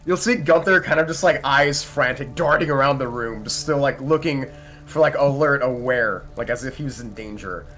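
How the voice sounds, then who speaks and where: A man's voice: mid-range voice, normal speed, bright, forceful tone, faint music behind. A man describing his character's actions in a tabletop game, rambling with many fillers. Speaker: player.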